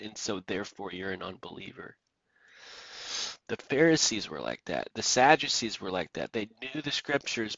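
A man's voice: mid-range voice, fairly bright tone, dry recording, muffled recording. A man preaching an emphatic sermon, repeating his points and reading scripture aloud.

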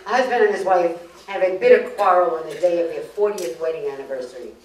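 A woman from Brooklyn telling jokes to an audience, her voice a bit low and caught from some distance. The room rings noticeably around her, with a faint hiss underneath. She chuckles between punchlines. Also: brisk. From Brooklyn, New York. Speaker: humorous speaker. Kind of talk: comic lecture telling jokes. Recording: roomy, distant mic, faint noise.

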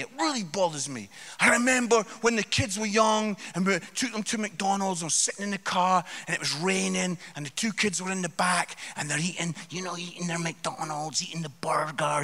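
A Scottish man, a comedian, telling stories to a church congregation with loud outbursts and low asides. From Scotland. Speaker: comedian guest speaker. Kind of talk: live comic storytelling to a church congregation. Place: church hall before a live audience.

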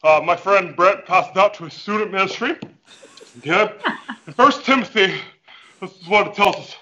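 A man's voice: high-pitched, normal speed, pushed and bright, poor audio. A man playing a goofy, overconfident fitness coach who also preaches, with hammy, over-the-top motivational patter over a video call. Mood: preachy. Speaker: fitness guest. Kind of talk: comic character interview over video call. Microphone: headphones with mic.

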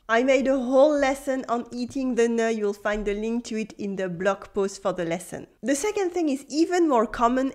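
A woman's voice: a little high, darkish tone. A woman with a French accent, a native French speaker, teaching a language lesson in English and patiently explaining step by step. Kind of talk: scripted video lesson.

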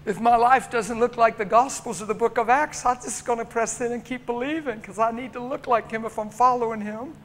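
A man's voice: very high-pitched, steady tone, brisk, hardly any pauses. A male preacher delivering an emotional, story-driven sermon in a church, acting out the people in his stories. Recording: long church reverb, faint background noise.

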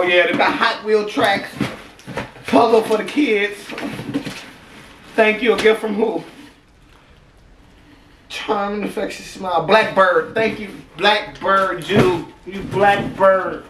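A man's voice: high voice, takes it slowly, pauses often. A man with an Ohio accent unboxing fan mail in a vlog, emotional and exclaiming, repeating himself. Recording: echoey room, distant mic, background noise.

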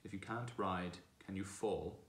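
A proud, brisk talking war horse, a stallion with a scornful, commanding manner, as a man reads him aloud from a storybook. The voice is very deep and low. It rings in an echoey room. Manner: brisk, commanding, contemptuous at times.

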